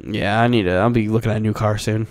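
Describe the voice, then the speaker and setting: A young man in casual podcast chat, ranting and swearing with loud, animated jumps in pitch. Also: fast. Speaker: podcast co-host.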